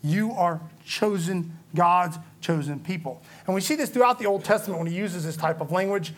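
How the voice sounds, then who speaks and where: A man's voice: sits high, normal speed. A man teaching a Bible study in a conversational, explanatory way, often checking in with his listeners. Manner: conversational, explanatory, frequent "okay?" check-ins.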